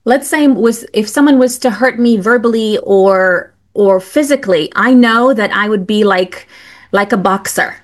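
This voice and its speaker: A woman's voice: mid-range voice, a little slow. A woman hosts a podcast in a casual, candid way. She talks hesitantly and fills her sentences with fillers while she searches for the right words. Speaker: podcast host. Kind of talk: casual interview conversation.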